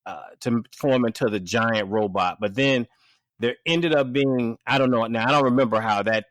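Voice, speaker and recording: A man's voice: medium pitch, moderate pace, a bit bright, no echo. A man hosting a casual podcast, talking in a rambling, hesitant way on a close mic. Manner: rambling, hesitant, restarts and trails off. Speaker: podcast host.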